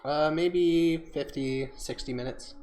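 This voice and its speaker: A man's voice: on the high side, takes it slowly, a little mellow. Man narrating as game master.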